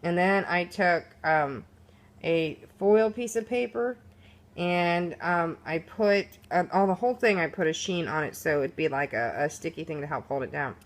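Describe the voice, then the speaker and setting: Chatty low-voiced woman showing crafts. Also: normal speed. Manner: chatty, rambling, many fillers and restarts. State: sleepy, yawning. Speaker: crafter showing her project. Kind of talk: casual show-and-tell walkthrough. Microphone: phone camera.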